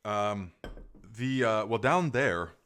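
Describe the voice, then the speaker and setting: A man's voice: lowish voice, expressive, takes it slowly, a bit bright, clean tone. Chatty man hosting a gardening live stream. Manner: rambling, enthusiastic, many fillers and restarts. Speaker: gardening podcast host. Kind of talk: casual live Q&A chat.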